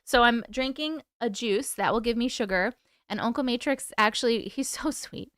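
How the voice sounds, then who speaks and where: A tired woman hosting a live stream at home, chatting casually and warmly greeting viewers by name as she reads their comments. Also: a little high, normal speed, dry recording, clean studio sound. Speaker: host.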